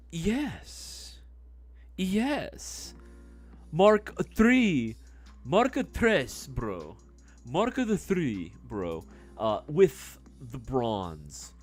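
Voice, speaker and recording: A man's voice: medium pitch, fairly bright tone. A young man hosting a casual livestream, reading chat questions, laughing often, swearing freely and calling people bro. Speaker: livestream host answering chat. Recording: faint music behind voice.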